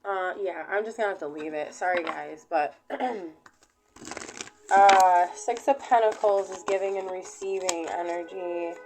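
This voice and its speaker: A woman reads tarot cards for her viewers in a slow, easygoing way, drifting along with plenty of fillers. Her voice sits a little low, and soft music plays faintly behind her. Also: fairly even intonation, rough recording. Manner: unhurried, rambling, with many fillers. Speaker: tarot reader. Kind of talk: casual tarot reading to camera.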